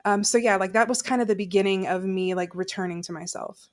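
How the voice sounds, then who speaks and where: A woman guesting on a podcast tells a personal story candidly, her chatty talk full of "like" and laughter. She speaks fast in a mid-range voice with fairly even intonation.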